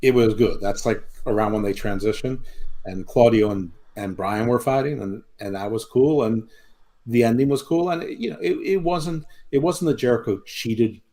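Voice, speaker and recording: A man's voice: medium pitch, moderate pace, warm tone. A man co-hosting a wrestling podcast, telling stories in a rambling, swearing way with many restarts. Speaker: podcast co-host. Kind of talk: casual wrestling recap chat.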